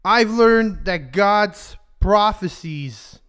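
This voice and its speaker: A man's voice: high-pitched, animated, extremely slow, a bit bright, smooth. A young man preaching a casual sermon, slangy and joking, often laughing at his own jokes.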